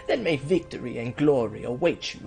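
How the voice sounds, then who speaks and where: A man voicing a pompous, scheming middle-aged duke in a game let's play, with a nasal, weaselly twang and formal, drawn-out courtly speech. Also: mid-range voice, expressive, gravelly, darkish tone, soft background music. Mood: commanding.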